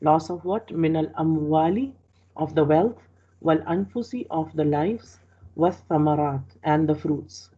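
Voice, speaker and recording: A woman teaching a verse-by-verse translation lesson, explaining slowly and repeating each phrase with small restarts. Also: low-pitched, husky. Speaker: Quran teacher. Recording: dull lo-fi recording.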